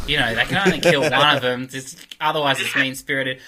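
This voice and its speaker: A man joins a casual podcast chat over a video call. His voice is very bright and sharp, and he keeps breaking into little acted quotes as he rambles. The delivery is lively and conversational. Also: mid-range voice, fairly quick, few pauses. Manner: animated, acts out voices in quotes. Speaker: guest comedian.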